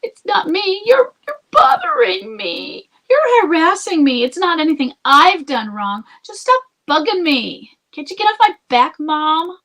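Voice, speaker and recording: A woman's voice: animated, measured pace, a bit bright, exaggerated voice. A woman putting on a whiny childish grown man. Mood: whining. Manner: high whining, near crying.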